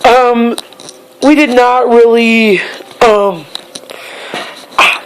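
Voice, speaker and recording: A young woman, a bit hoarse, talking in a casual personal vlog, halting and repeating herself as she searches for words. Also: fairly high pitch, steady tone, a little hiss or hum, poor audio. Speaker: vlogger.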